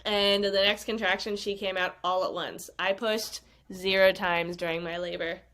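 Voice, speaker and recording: An animated woman tells a personal story as a podcast guest. She acts out what she said back then, and her voice jumps higher on those lines. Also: normal speed. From United States. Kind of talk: casual storytelling.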